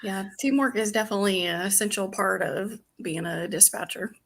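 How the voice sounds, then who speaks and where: Woman, retiring dispatch supervisor, interview guest, plain-spoken, bright voice. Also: mid-range voice, normal speed, gravelly. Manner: plain-spoken, laughs between answers. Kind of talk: casual interview answers.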